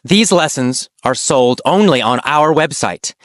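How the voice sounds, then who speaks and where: A man teaching an English lesson, telling a story slowly with exaggerated, animated delivery and shouted quotes. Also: medium pitch, dry recording, studio quality.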